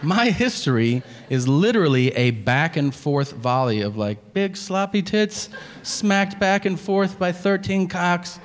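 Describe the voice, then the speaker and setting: A man performing a stand-up comedy set, animated and shouting out punchlines, on a club stage. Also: sits high, a little slow, a little hiss or hum. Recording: live club with long reverb and audience.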